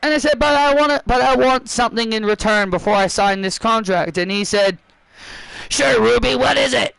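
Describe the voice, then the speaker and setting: A man's voice: very high voice, moderate pace, creaky, fairly bright tone, smooth, no echo, full character voice, poor audio. A man voicing a cocky female wrestler who shows up demanding a title shot, in a mocking, boastful way. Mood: storytelling. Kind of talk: voicing wrestlers over a video game.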